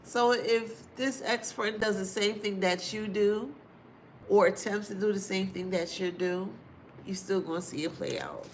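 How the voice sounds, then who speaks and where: A woman's voice: medium pitch, steady tone, slight background noise. A woman giving a casual spiritual reading to her viewers, chatty and informal, repeating phrases for emphasis. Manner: chatty and informal, with drawn-out asides and frequent laughs. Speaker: astrology or tarot reader.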